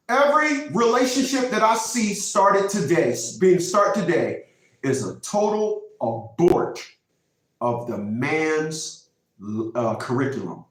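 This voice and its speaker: Middle-aged guy preaching relationship advice, repeats himself a lot, high voice, sounds far from the mic. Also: very animated, unhurried, fairly bright tone. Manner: preachy, repetitive, emphatic. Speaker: channel host giving relationship advice. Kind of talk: casual monologue. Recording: very echoey room, from far off.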